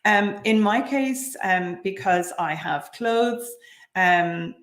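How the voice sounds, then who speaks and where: A woman's voice: mid-range voice, slow, a bit bright, reverberant. A woman giving direct, practical advice on selling at craft fairs, with frequent ums. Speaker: craft business speaker.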